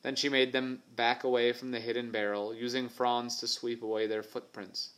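A man narrating an adventure novel for an audiobook in a steady, even storytelling manner. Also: mid-range voice, moderate pace. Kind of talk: scripted narration.

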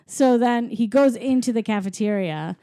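A woman's voice: a little high, normal speed, mellow, dry recording, clean studio sound. A woman chatting casually while retelling a film plot, with "like" in nearly every sentence. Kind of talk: casual chat recapping a film.

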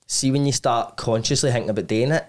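A young man co-hosting a podcast at an ordinary mid pitch. He banters casually with plenty of swearing and jokes. He also reads sponsor spots in the same joking style. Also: quick pace. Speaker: podcast co-host. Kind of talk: casual chat and read ad.

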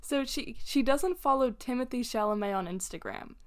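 Young woman, podcast co-host, teasing, giggly, a bit high-pitched, casual chat. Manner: teasing, giggly, quick to laugh.

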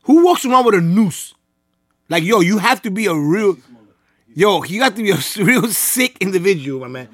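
A man co-hosting a casual podcast, talking loudly and laughing often with plenty of street slang. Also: high-pitched, animated, moderate pace, dry recording, clean studio sound. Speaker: podcast co-host.

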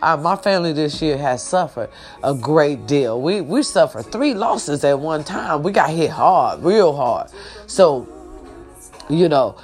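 A woman's voice: sits low, animated, measured pace, a little mellow, soft background music. A woman in a casual, heartfelt livestream talk. She speaks straight to her viewers, repeats herself, and fights back tears while praising God and her family. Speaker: online show host.

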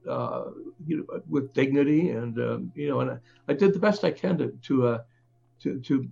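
A man with a gravelly, slightly husky voice talks as an interview guest about a book he wrote. He speaks haltingly, repeating words and stopping to restart his thoughts. The sound is a little dull and lo-fi. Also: mid-range voice, warm tone. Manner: halting, many fillers and restarts. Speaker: author and reporter.

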